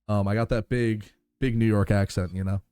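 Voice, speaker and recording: A man's voice: on the low side, fairly even intonation, moderate pace, mellow, clean tone, no room sound. A man streaming live and chatting casually with his viewers, thankful and rambling with lots of fillers.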